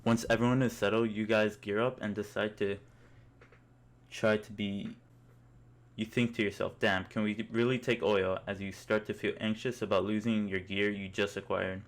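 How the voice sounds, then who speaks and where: A man's voice: lowish voice, flat delivery, moderate pace. A young man narrating a comic story in the second person, in an amused, mock-epic way.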